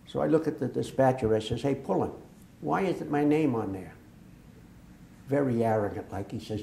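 An older veteran from Massachusetts tells his war stories at a moderate pace in a gravelly, mid-range voice, leaving long pauses. For this oral history, he acts out quoted dialogue in a lively way, with the echoey room audible.

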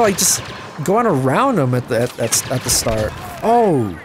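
Animated young man commenting on gameplay. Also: moderate pace, background noise. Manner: animated, self-mocking, yelps high when losing. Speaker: gaming channel host. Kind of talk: casual game commentary. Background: game music and gunfire.

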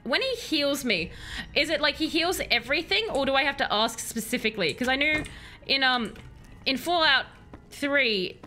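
Playing a game on stream, a woman chats casually with viewers and giggles, her Australian accent at times turning British. She has a high, pushed, bright voice with lively intonation and a moderate pace, and soft background music plays.

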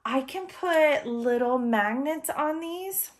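A woman's voice: a little high, slow pace, fairly bright tone, a little hiss or hum. A woman hosting an unboxing vlog, gushing with gasps and effusive thanks, teary-eyed and emotional. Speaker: reborn doll artist and channel host.

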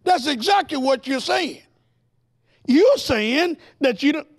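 At a slow pace, a male preacher delivers a televised Bible teaching in a remarkably high voice with a rough, fried texture. He hammers his arguments, peppers listeners with rhetorical questions, and rises to excited, almost shouted climaxes.

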